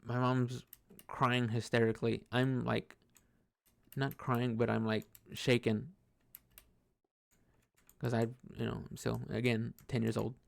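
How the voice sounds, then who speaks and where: A man's voice: mid-range voice, flat delivery, takes it slowly, creaky, long pauses. A man telling a personal story in a rambling, casual way, swearing often and restarting sentences while he plays a computer game. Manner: rambling, profane, many fillers and restarts.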